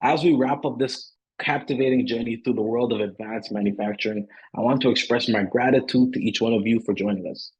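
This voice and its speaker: A man's voice: mid-range voice, steady tone, brisk, hardly any pauses, breathy edge, dull audio. A man hosting an online panel, chatting loosely with fillers, then reading a formal closing. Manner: casual with fillers, then formal read-out outro. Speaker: host. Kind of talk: panel moderation and scripted closing.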